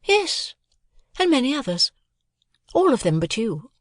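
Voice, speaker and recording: A woman's voice: high voice, very animated, a little slow, no echo, studio quality, voice pushed up. An audiobook reader voicing a proud, aloof young woman who speaks in a cool, cutting, matter-of-fact way. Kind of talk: audiobook character voice.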